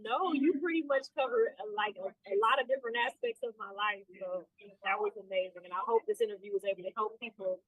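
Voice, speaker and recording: A woman's voice: mid-range voice, fast talker, slightly rough, no room sound, narrow, tinny audio. A woman guest in a casual interview, upbeat and talking freely with many fillers. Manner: upbeat, lots of fillers like "you know". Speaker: guest, trainer and sailor.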